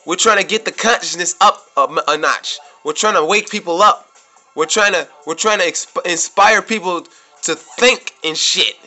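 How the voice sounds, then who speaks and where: A man's voice: high voice, normal speed, sharp tone, soft background music. A man telling a rambling, profane story straight to camera as a vlogger, repeating himself and getting worked up as he goes. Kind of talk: casual storytelling monologue. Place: New York City.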